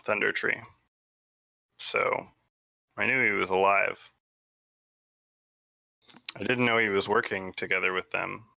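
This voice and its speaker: A man playing a tabletop game, talking slowly and hesitantly. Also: low voice, fairly even intonation, gravelly, sharp tone, dry recording. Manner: slow, hesitant, trailing. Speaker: player. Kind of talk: casual tabletop play.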